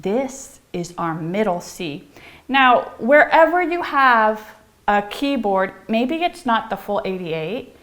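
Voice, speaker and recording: A woman's voice: mid-range voice, lively intonation, slow pace, fairly bright tone. A middle-aged woman giving a playful piano lesson, bubbly and theatrical, chanting rhymes in a sing-song way and dropping into whispers. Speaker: piano teacher.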